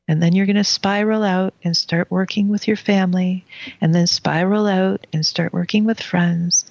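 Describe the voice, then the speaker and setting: Woman, lower voice, calm reflective storyteller, dry close lo-fi recording. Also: creaky, no room sound.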